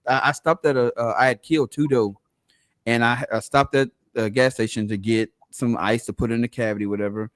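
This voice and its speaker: A man's voice: mid-range voice, a little fast. A man with a mid-range voice, recorded close and dry with no room echo. He hosts a podcast and tells stories with energy, putting on the lines of the other people in them. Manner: animated anecdote, acting out other people's lines. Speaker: podcast host. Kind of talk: casual storytelling chat.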